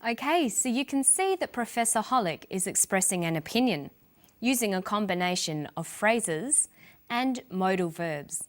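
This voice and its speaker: A woman presenting an English lesson, reading example sentences and slowly stressing syllables for learners. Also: mid-range voice, lively intonation. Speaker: English language teacher. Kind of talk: scripted teaching narration.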